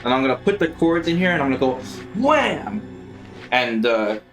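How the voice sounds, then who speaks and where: A gaming streamer chats casually with viewers while playing, rambling and swearing freely. His slightly high voice swings widely in pitch at a normal speed with a bit of brightness, over soft background music.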